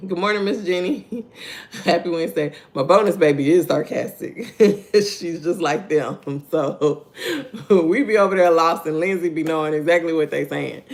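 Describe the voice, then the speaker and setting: Chatty woman with a gravelly edge. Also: low voice. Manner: chatty, laughs often, repeats her points, greets viewers by name; asks "right?" and "okay?" to draw listeners in. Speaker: host of a morning devotional livestream. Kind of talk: casual devotional livestream talk.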